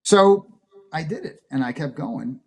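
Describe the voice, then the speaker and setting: A man's voice: fairly high pitch, lively intonation, measured pace, vocal fry, husky. A man being interviewed, telling long personal stories in a rambling, conversational way, full of fillers and acted-out quotes. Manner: acts out quoted dialogue. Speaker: interview guest, percussion professor. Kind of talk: conversational storytelling.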